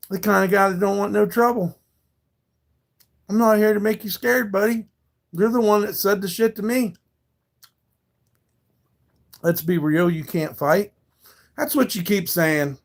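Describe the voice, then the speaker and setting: A man's voice: a little high, gravelly. A man live streaming, talking back to his viewers in a confrontational, profane rant.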